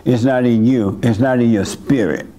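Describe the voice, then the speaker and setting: At normal speed and medium pitch, an older man's dark-toned voice leads a church meeting he hosts. He counsels a member of the congregation with straightforward, folksy spiritual advice, chuckling occasionally.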